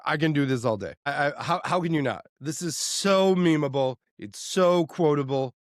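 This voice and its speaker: A man's voice: on the high side, moderate pace, few pauses, no echo, studio quality. A man co-hosting a podcast, chatting playfully about a movie, quoting lines and trailing off into restarts. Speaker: podcast co-host. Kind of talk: casual movie-review chat.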